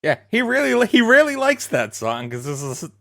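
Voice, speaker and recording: A man's voice: high voice, huge pitch swings, moderate pace, gravelly, a bit bright. A man co-hosting a podcast, chiming in with short remarks. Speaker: podcast co-host. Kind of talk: casual chat.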